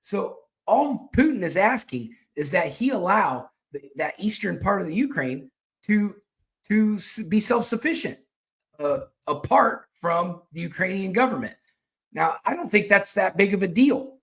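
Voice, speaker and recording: A man hosts a political commentary show, speaking bluntly and with emphasis. His voice sits a little higher than most men's. He often stumbles into restarts and repeats his phrases as he argues. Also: lively intonation, a little slow, gravelly, fairly bright tone.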